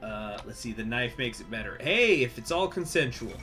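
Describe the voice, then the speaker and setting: A man's voice: mid-range voice, lively intonation, normal speed, pushed and bright, faint music behind. Chatty, rambling male game streamer. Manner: rambling, chatty, many fillers and restarts. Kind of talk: casual gameplay commentary.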